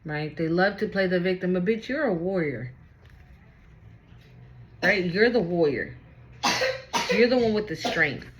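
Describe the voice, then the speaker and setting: A woman's voice: fairly low pitch, lively intonation, measured pace, long pauses, lo-fi sound, slight background noise. A woman giving a casual tarot reading to camera. She talks bluntly, swears freely, repeats her points and keeps asking "right?". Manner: blunt and profane, repeats phrases for emphasis; asks "right?" again and again. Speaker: tarot reader.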